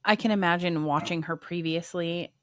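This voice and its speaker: A woman co-hosting a podcast in casual chat, relaxed, often answering briefly. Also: on the low side, moderate pace, a little hiss or hum. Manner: relaxed, brief agreeing replies. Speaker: podcast co-host.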